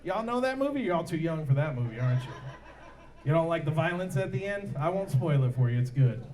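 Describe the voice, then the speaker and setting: A man's voice: fairly high pitch, sing-song, fast, a little mellow. A middle-aged male stand-up comedian doing a brash, crude set at a bar comedy night on a handheld mic.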